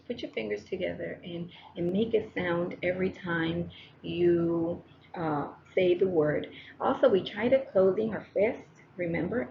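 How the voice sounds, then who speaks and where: Low gravelly female teacher, close mic. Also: muffled recording, background noise. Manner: encouraging, talks to students directly, repeats steps. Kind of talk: recorded classroom lesson narration. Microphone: close microphone.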